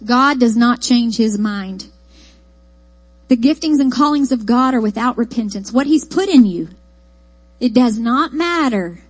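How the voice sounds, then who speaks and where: A woman with an East Texas accent, preaching a sermon in a folksy, animated storytelling way. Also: a little high, moderate pace, no echo, low-quality recording.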